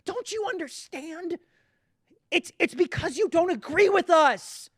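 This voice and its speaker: A man voicing a shrill, indignant accuser in a mocking parody, high-pitched and insistent. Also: expressive, unhurried, a bit bright, no room sound, clean studio sound, heavily acted. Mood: accusing. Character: shrill indignant woke accuser, adult, self-righteous.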